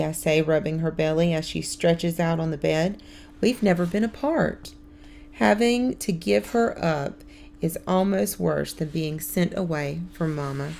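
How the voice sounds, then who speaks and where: A woman narrating a novel in the first person, with a steady storytelling delivery. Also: on the low side, gravelly. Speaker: audiobook reader.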